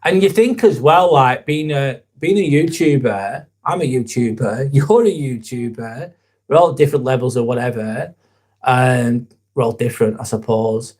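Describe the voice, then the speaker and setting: A man's voice: medium pitch, moderate pace, a little mellow, husky. A young man hosts a casual live vlog, talking in an earnest, rambling way and swearing casually. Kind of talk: casual live-stream chat.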